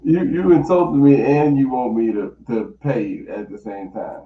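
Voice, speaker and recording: A man's voice: mid-range voice, unhurried. A man co-hosting a podcast in casual chat, reacting with short, disbelieving remarks. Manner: reacts with short incredulous comments. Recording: echoey room, dull sound, faint noise.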